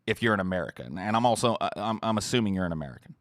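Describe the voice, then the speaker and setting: Ranting, profane low-voiced man. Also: expressive, rapid-fire, no echo, clean studio sound. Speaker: podcast host. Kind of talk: livestream rant answering chat.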